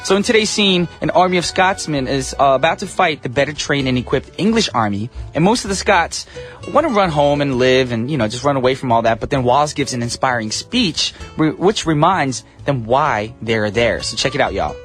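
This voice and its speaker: A man's voice: mid-range voice, lively intonation, fairly quick, fairly bright tone, faint music behind. A male radio DJ hosting a show from the studio in casual, upbeat, slightly goofy patter. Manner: upbeat, chatty, a little goofy. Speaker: radio DJ host.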